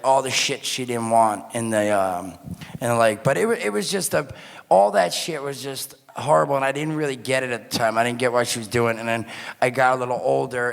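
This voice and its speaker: A man casually telling a long personal story, animated and profane, acting out the voices he quotes. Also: medium pitch, gravelly, in a large hall. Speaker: podcast co-host.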